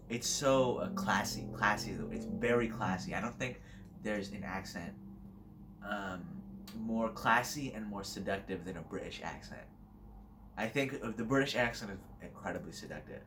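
This young man's voice is fairly low and fairly bright, with slight background noise. He hosts a casual solo podcast, talking bluntly and crudely in a flippant, rambling monologue and laughing often.

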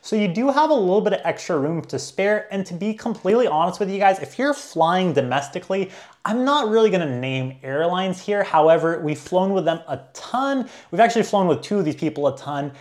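A man's voice: high voice, animated, fairly quick, darkish tone. Chatty young man telling a story. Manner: chatty, many filler likes and restarts. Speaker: travel vlogger. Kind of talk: casual storytelling.

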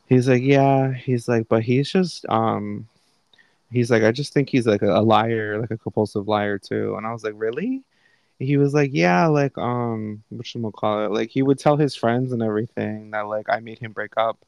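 A young man hosts a podcast from home, casually retelling a conversation with candid, profane asides. His voice is lowish, creaky and darkish, and the poor audio has no echo, coming through a live online call setup.

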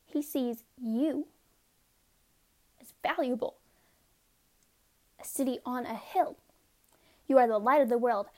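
A woman's voice: fairly high pitch, takes it slowly, pauses often, mellow. A woman giving a casual devotional talk. She reads scripture passages aloud in an earnest way and breaks off for informal asides to her listeners. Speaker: devotional speaker.

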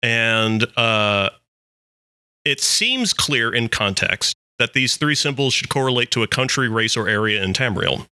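A man with a strikingly bright, ringing voice talks lore in a loose, casual chat, laughing easily and dropping the odd swear word. His voice is picked up dry and close, with no room sound at all. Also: medium pitch, expressive, a little slow, dry recording. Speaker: podcast co-host.

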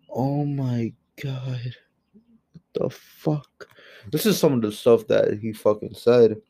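Guy venting on his podcast, cussing a lot, mellow warm voice, goes quiet then blows up. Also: animated, measured pace. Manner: heated, profane, exasperated, big swings from low mutters to loud outbursts. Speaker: podcast host. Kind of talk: solo podcast rant.

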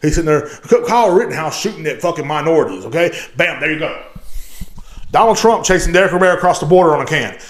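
A man with a fairly high voice, ranting on his podcast. He is riled up, swears constantly and rambles from point to point. His voice rings around an echoey room. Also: expressive, quick pace. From Texas, USA. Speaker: podcast host. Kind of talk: profane solo rant.

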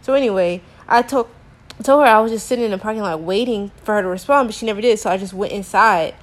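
A woman's voice: medium pitch, fast. A young woman telling a frustrating story to camera in a casual rant, exasperated and slangy, with many filler words. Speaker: teacher.

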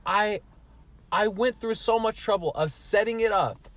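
A man's voice: sits high, a little slow, a bit bright. A man co-hosting a podcast, protesting in an exasperated, rambling way. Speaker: podcast co-host. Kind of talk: casual argument.

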